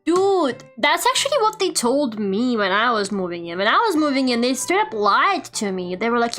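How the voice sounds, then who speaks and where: A young woman chats casually on a live stream as she draws, telling stories with lots of animation, frequent laughter and plenty of "like." Her voice is fairly high and her pace moderate, with barely any pauses.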